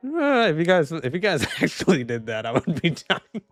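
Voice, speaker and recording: A man's voice: on the high side, huge pitch swings, normal speed, no room sound. A young man streaming live, making casual commentary as he reads posts and keeps laughing and saying "dude". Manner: laughing, mocking, says dude a lot.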